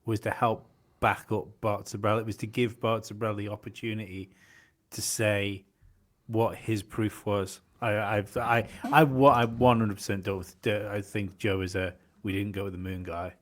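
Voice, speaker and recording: A man with a fairly low voice hosts a podcast. He talks in a casual, halting way, starting over and repeating words as he works out his point. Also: level tone. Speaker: podcast host. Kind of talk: casual chat.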